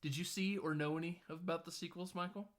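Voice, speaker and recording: A man's voice: high-pitched, fairly even intonation. Laughing man recapping a movie. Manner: retells scenes with quick quoted character voices and laughs. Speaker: podcast host. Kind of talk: casual film podcast recap.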